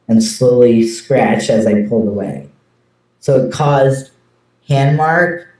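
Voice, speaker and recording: Man, interviewee, mellow voice, halting earnest retelling, booming echo, heard from a distance. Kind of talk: personal account. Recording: very echoey room, distant from the mic.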